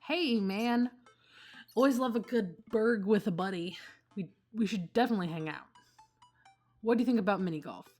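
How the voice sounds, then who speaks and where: A woman's voice: mid-range voice, moderate pace, long pauses, darkish tone, faint music behind, close to an everyday voice. A woman doing a breezy, chummy dad. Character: friendly laid-back adult male dad, Brian.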